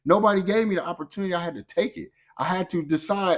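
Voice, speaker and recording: A middle-aged man giving a motivational talk on personal growth, lively and conversational, acting out quoted voices. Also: high-pitched, fast talker, hardly any pauses.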